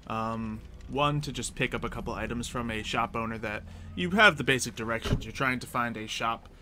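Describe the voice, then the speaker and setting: Bright-voiced male game master. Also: mid-range voice, brisk, slight background noise. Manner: loose, filler-heavy narration. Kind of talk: narrating a tabletop game.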